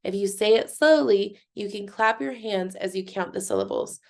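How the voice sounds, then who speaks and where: A woman teaching a recorded lesson for children, speaking clearly and encouragingly and clapping out syllables slowly. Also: medium pitch.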